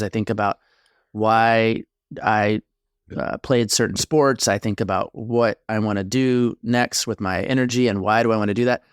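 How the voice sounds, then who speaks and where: A man's voice: lowish voice, no echo, studio quality. A man co-hosting a relationship podcast, telling a story in rambling casual chat with tangents. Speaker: podcast co-host, therapist.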